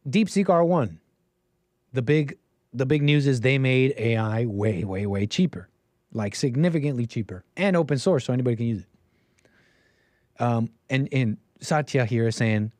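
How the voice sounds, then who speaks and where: A man's voice: mid-range voice, measured pace, pauses often, a little mellow, dry recording. A man hosting a casual live stream, chatty and joking, rambling with restarts from a home studio mic. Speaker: livestream host.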